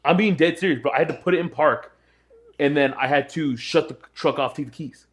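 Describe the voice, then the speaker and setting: A man's voice: a little high, fairly quick. A young man co-hosting a podcast, telling a story in casual chat and acting out his friends' voices. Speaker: podcast co-host.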